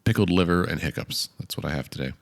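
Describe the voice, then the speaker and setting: Male podcast co-host with a very deep voice, thinking aloud through a loose political chat while hiccuping. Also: quick pace, creaky. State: has hiccups.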